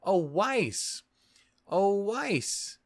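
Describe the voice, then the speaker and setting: A man's voice: sits high, sing-song, very slow, pitched above the performer's own voice, full character voice. A man putting on the voice of a scheming, sarcastic male dictator, mocking and sing-song.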